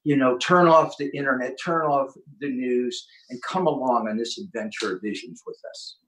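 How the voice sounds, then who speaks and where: A man hosting an online conference, telling an inspirational story with excitement and acting out the quotes. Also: mid-range voice, normal speed, slight background noise, poor audio. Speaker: host.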